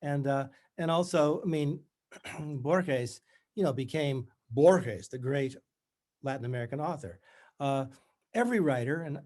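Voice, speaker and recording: An author in his seventies speaks at a middle pitch, reflective and measured. He alternates thoughtful conversation with reading passages from his own book in a calm storyteller's way. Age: 70s.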